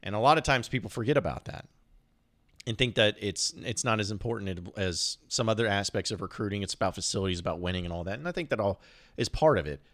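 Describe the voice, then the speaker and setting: Guy with a lowish voice rambling on his sports podcast, joking asides, lots of restarts. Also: animated, quick pace, a bit bright. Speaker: podcast host. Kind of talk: casual sports podcast monologue.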